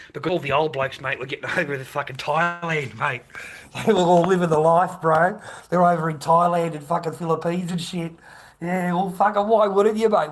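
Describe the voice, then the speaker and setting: An Australian man rambling on a livestream, swearing often and swinging between loud rants and muttered whispers. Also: mid-range voice.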